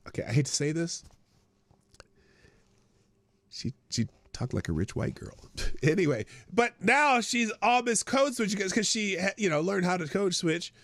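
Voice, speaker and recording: Creaky, lively-voiced man hosting a stream. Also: fairly high pitch, dry recording. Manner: chatty, sarcastic, thinks aloud with restarts. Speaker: live stream host. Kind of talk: casual political commentary.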